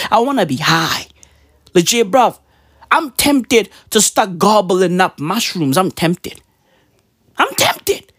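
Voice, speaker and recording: A woman's voice: mid-range voice, husky, no echo, clean studio sound. A woman vlogger in a profane, slangy comedic rant, mimicking sounds as she goes.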